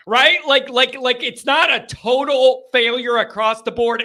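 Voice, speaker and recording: A man hosting a live sports call-in show, rambling and repeating himself with excitable energy. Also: extremely high pitch, slow pace.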